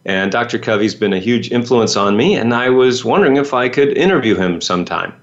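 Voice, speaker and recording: A man telling a personal story to an audience in a casual, animated way, jumping into the voices of the people he quotes. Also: medium pitch, a little fast, highs cut off. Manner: animated, acts out quoted voices, many fillers.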